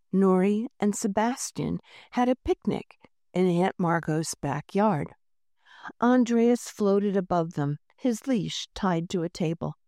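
A woman narrating a children's storybook in a gentle, unhurried reading voice, lightly voicing the characters. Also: lowish voice, no room sound, studio quality. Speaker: audiobook narrator.

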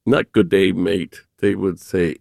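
A man who is a Jesuit priest, talking earnestly with gentle humor as an interview guest and telling stories. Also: mid-range voice, lively intonation, normal speed, creaky, no room sound, studio quality. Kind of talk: conversational storytelling interview.

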